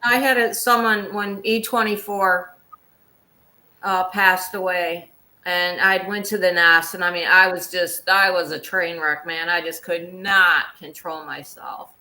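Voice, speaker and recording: A woman guest speaking candidly in casual chat, telling her stories in an animated way. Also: lowish voice, a little slow, rough recording. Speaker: guest wildlife photographer.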